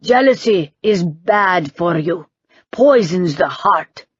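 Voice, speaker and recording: A woman's voice: fairly low pitch, lively intonation, slow pace, husky, no room sound, dull audio, exaggerated voice. A woman doing a pompous, snappish old uncle. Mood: condescending. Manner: snappish, condescending. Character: stern, pompous older uncle.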